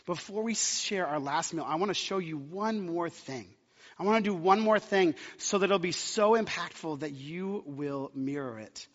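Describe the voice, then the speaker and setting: A man's voice: a little high, moderate pace. A man preaching a sermon, impassioned and building to emphatic climaxes. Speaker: pastor. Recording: muffled sound with long hall reverb.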